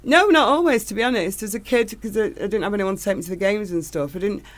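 A middle-aged singer from Manchester talks in a casual interview, her plain throughout. She rambles from one excited story to the next, gushing with delight. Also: medium pitch, quick pace.

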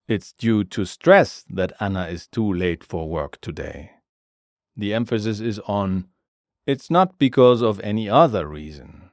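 A man teaching a grammar lesson in a scripted, measured way, giving each word and then its translation. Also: on the low side, animated, no echo, studio quality. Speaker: language teacher.

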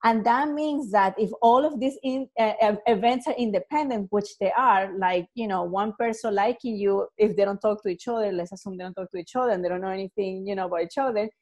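A woman's voice: mid-range voice, fairly quick, hardly any pauses, darkish tone. A woman educator talking casually to the camera, chatty, with many fillers and frequent laughs.

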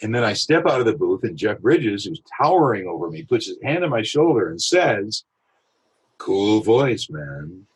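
A male voiceover artist telling a lively anecdote in an interview, with a husky voice. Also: lowish voice, a little fast, few pauses, low-quality recording. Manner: animated anecdotal storytelling. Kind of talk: storytelling in an interview.

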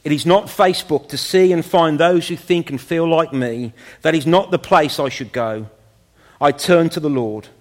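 A man preaching a sermon in a church, impassioned, rising high and falling to a low hush. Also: moderate pace, long reverb tail.

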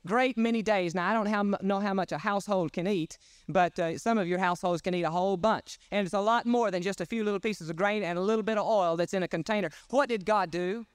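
A man's voice: sits high, fast talker, clean tone, no echo, studio quality. A man preaching a sermon at a church service, emphatic and folksy as he retells Bible stories. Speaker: pastor.

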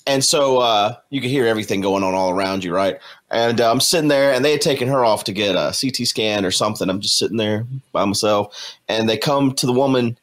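A man's voice: fairly low pitch, fairly quick. A man chatting casually on a call, telling a long rambling story with dry, sarcastic jokes. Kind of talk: casual chat.

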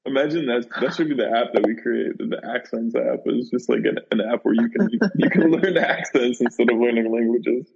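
A man's voice: medium pitch, fairly quick, gravelly, hardly any pauses, darkish tone, husky. A man co-hosting a comedy podcast in casual, rambling chat with lots of filler words. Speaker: podcast co-host. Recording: dull lo-fi with long reverb.

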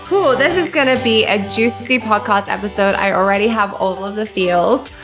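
A woman hosting a casual podcast interview in a warm, affirming, gushing manner. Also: mid-range voice, normal speed, over music. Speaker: podcast host.

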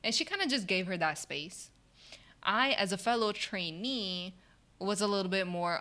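A woman's voice: medium pitch, moderate pace. A woman telling a story in a casual chat, acting out the people she quotes and laughing often. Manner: animated, acts out quoted dialogue, laughs often.

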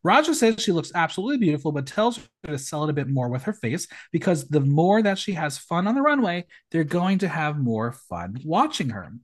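Animated campy man hosting a podcast. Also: fairly high pitch, a little fast, few pauses. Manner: animated, emphatic, campy delivery. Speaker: podcast host. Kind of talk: casual recap chat, reading judges' comments.

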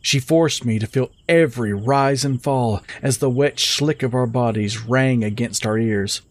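A man telling a story in the first person with steady, measured scripted narration. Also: medium pitch.

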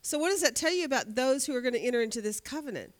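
A woman's voice: sits high, expressive, very fast. A woman leading a Bible study lesson, asking her class questions and answering them herself, often repeating words as she thinks aloud. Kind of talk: interactive Bible class teaching.

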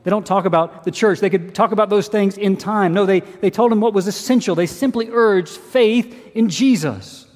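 High-voiced pastor preaching in a hall. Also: male voice, normal speed, few pauses, a little mellow. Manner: earnest, emphatic, with rhetorical questions. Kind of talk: sermon. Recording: long hall reverb.

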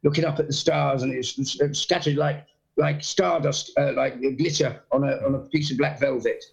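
A man from England chats casually, his voice gravelly with a rough, husky edge. He is an animated storyteller who slips into the voices of the people in his tales. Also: fairly high pitch, moderate pace, low-quality recording. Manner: animated storyteller, acts out quotes. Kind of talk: casual chat, anecdotes.

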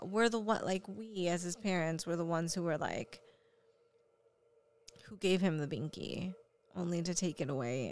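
Young mom, casual chat, clear smooth voice, candid storyteller with lots of fillers. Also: female voice, on the low side. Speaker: parent.

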